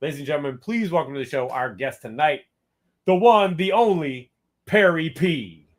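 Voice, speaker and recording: A man's voice: on the high side, expressive, normal speed, slight background noise. A man hosting a casual interview show, easygoing and asking open questions. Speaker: podcast host.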